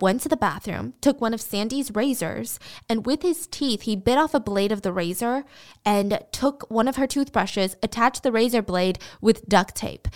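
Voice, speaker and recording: A woman retelling a true crime story in a casual, conversational way with personal asides. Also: medium pitch.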